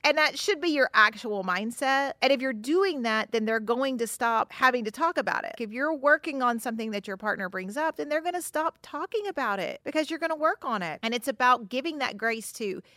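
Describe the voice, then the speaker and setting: A woman's voice: on the high side, lively intonation, a little fast, few pauses, pushed and bright, dry recording, studio quality. A woman therapist hosting a podcast, talking frankly and conversationally about relationships and acting out example remarks. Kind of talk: casual advice podcast talk.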